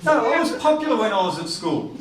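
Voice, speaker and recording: A middle-aged man works the room in a stand-up set, high in pitch and full of quick asides aimed at the crowd. His voice carries from some distance off the mic and rings around a strongly echoing room. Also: sing-song. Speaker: stand-up comedian.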